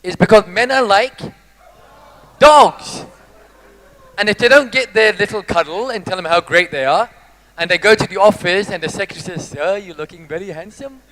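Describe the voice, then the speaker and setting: Man, a high-pitched motivational speaker who is animated and teases the crowd. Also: moderate pace, long pauses, poor audio. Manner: animated, jokey, teases the audience. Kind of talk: live motivational talk.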